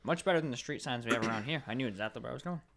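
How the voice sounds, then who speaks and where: A man co-hosting a podcast in casual chat, blunt and quick to swear. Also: mid-range voice, animated, fairly bright tone. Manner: fast, blunt, swears freely. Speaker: podcast co-host.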